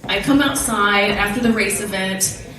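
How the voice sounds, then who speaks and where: A woman telling a story from a stage, casual, animated and profane, often laughing. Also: mid-range voice, moderate pace, a little hiss or hum. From United States. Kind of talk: live storytelling. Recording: very echoey hall, voice from far off.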